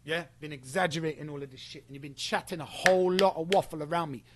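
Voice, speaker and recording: A man's voice: fairly high pitch, quick pace, fairly bright tone, a little hiss or hum. A young man ranting at someone, confrontational and sweary, repeating himself as he builds his case. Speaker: streamer addressing a former friend. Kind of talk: ranting monologue.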